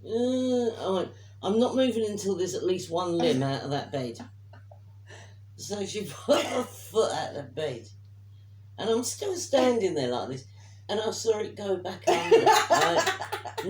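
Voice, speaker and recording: A woman telling a lively family story in a casual chat, acting out what she said. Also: mid-range voice, measured pace, echoey room, recorded from a distance, a little hiss or hum. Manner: animated, mimics her own commands.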